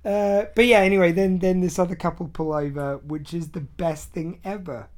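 A British woman hosting a podcast in casual chat, with a low, mellow voice. She is chatty and self-deprecating, and laughs at her own slips. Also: fairly even intonation, moderate pace. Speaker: podcast host.

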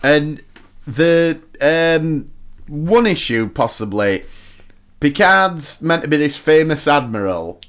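A man's voice: a little high, animated, takes it slowly, fairly bright tone, clean tone. A man, co-hosting a casual podcast chat about a TV episode, talking it through with a laugh and quoting lines. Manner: chatty, laughs often, quotes lines from the show. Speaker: podcast co-host.

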